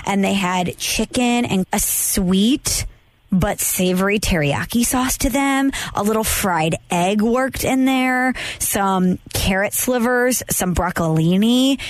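A woman's voice: mid-range voice, measured pace, no echo. A young adult woman, a podcast co-host from the United States, telling a travel story in casual chat and acting out the people she quotes. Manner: animated storyteller, acts out quotes.

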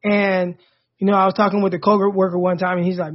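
A man in his thirties, co-hosting a podcast and telling a personal story in a casual, animated way that rises sharply when he gets indignant. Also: high-pitched, fast talker. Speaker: podcast co-host. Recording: dull lo-fi sound.

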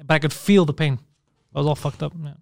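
A man telling crude, animated stories in casual chat, swearing freely and acting out what people said. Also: on the high side, fast, vocal fry, no echo, clean studio sound. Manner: swearing, animated, acts out quotes.

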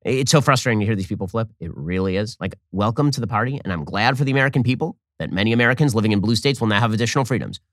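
A man hosting a political commentary show, delivering a fast, sarcastic, exasperated monologue. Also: on the low side, no room sound, studio quality.

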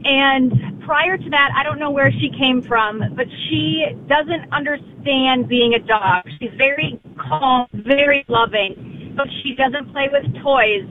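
A woman's voice: high-pitched, slow, slight background noise. A woman calling in to a radio show from a car, talking hesitantly with fillers. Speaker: caller. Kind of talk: phone call-in. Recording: tinny phone line from a car.

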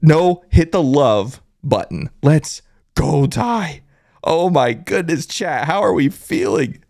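A man hosting a hyped postgame live stream, reading chat aloud and shouting with excitement. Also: fairly high pitch, a little slow, vocal fry, dry recording, studio quality. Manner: excited, loud, shouting catchphrases. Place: closet at a family home.

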